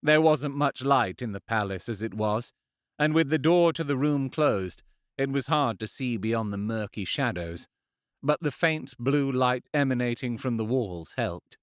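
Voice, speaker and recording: Brief: male audiobook narrator, unhurried, lively pitch, bone-dry studio sound. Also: no room sound. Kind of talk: scripted fantasy narration.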